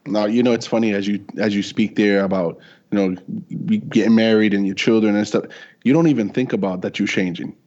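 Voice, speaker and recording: A man's voice: fairly low pitch, steady tone, brisk, a little mellow, highs cut off. A man in a casual faith discussion podcast, asking questions in a conversational way. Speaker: podcast co-host.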